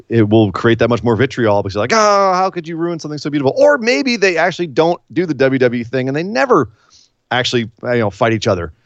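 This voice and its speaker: A man's voice: medium pitch, no echo. Casual male podcast co-host, chatty recapper, dry muffled lo-fi sound. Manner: chatty, laughs while recapping.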